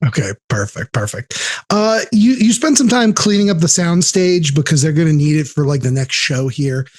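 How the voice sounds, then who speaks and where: A man narrating scenes as game master of a tabletop game, animated and playful. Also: fairly high pitch, normal speed, dry recording.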